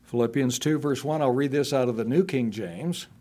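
A middle-aged man preaching a sermon, reading scripture aloud and slowing down with rising emphasis on the key words. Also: dark tone. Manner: slows and rises in pitch to stress scripture he reads aloud.

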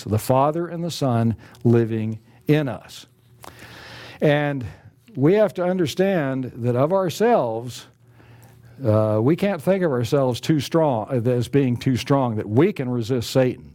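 A man preaching a sermon, earnest and emphatic, slowing down to stress scripture quotes. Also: medium pitch, warm tone.

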